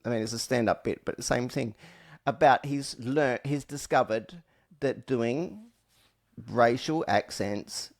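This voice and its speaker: A man's voice: medium pitch, a little slow. A man hosting a podcast in casual chat, joking and restarting his sentences as he talks. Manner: animated, jokey, with self-interrupting restarts. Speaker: podcast host.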